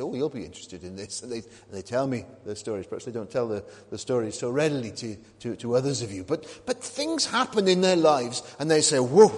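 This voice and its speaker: A man, a minister preaching a sermon, talking conversationally and asking and answering his own questions. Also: medium pitch. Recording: long reverb of a large hall.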